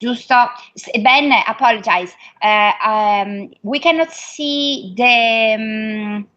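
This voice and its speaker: Woman, Italian accent, slow, hesitant, slightly high voice, muffled sound. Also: a bit bright. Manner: hesitant, searching for words. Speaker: course host. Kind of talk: setting up a class call.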